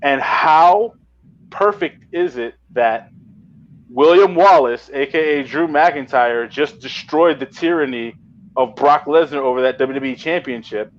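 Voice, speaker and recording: A man's voice: a little high, unhurried. A man telling stories in a casual podcast chat, swearing and getting worked up. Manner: profane, excitable storyteller. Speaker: wrestling promotion owner. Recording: dull lo-fi audio.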